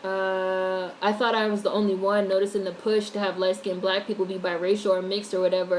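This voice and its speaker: A woman's voice: medium pitch, quick pace, hardly any pauses, slight background noise, rough recording. An American woman giving blunt, opinionated casual commentary on a livestream, swearing freely as she reads and answers chat. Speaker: YouTube commentator reading chat.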